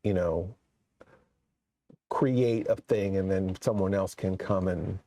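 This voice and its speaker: A man's voice: low voice, slow, dark tone, dry recording. A man hosting a horror movie show, chatting casually on a live stream and rambling with many restarts. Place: studio set.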